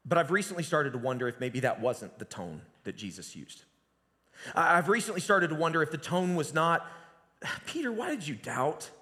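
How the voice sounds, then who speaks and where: A man preaches a sermon in a church sanctuary, telling the story in a relaxed, conversational way. He often drops to a quiet, hushed voice. His voice sits a little high, and a long reverb from the hall trails behind each phrase. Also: fairly quick. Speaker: pastor.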